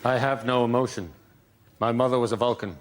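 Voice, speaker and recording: A man's voice: medium pitch, fairly even intonation, fairly quick. Man with dry mock-forecast gags. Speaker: comedy panellist. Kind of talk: quick one-liner jokes. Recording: noisy.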